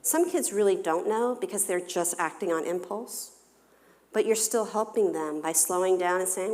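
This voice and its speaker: Lady counselor doing a parenting talk, lowish voice, asks the crowd stuff, big echoey church hall. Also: normal speed, a little mellow. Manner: engaging, poses questions to the audience. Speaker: family counselor giving a talk.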